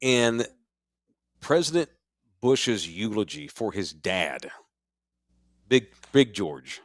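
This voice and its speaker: A man's voice: fairly low pitch, big pitch swings, takes it slowly, no room sound. A middle-aged man from Texas co-hosting a casual podcast from a sports bar studio, telling loose, rambling stories. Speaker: podcast co-host.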